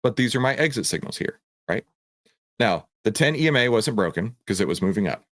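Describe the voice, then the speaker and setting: Lively low-voiced man teaching trading. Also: a little fast, no room sound, studio quality. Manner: emphatic and preachy, with rhetorical questions and repeated phrases. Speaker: trading educator and host. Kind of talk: energetic stock-chart walkthrough.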